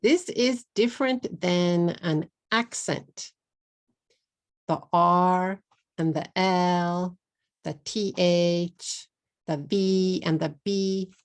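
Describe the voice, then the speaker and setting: Middle-aged Texan woman, English teacher, very slow and deliberate, slightly low voice. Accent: Texas. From Texas, USA. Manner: slow, deliberate, repeats words for learners. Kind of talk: pronunciation lesson.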